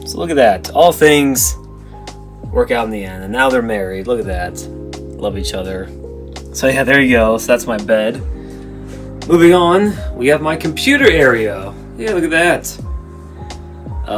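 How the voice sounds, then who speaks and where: A man's voice: mid-range voice, fairly bright tone. Rambling young man giving a room tour. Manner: rambling, self-correcting, offhand. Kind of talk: casual room-tour narration. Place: his bedroom.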